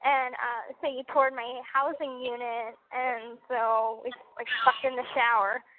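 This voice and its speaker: A young woman with a soft, girly voice chatting playfully on a prison phone line, giggling and swearing casually. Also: fairly high pitch, little pitch movement, unhurried, a little hiss or hum. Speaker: caller on a prison phone call. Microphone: prison telephone.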